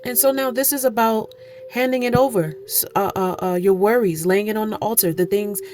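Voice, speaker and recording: A woman's voice: medium pitch, fairly quick, darkish tone, soft background music. A woman giving an oracle card reading, earnest and preachy, repeating phrases for emphasis. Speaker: spiritual card reader. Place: indoor room, candles lit.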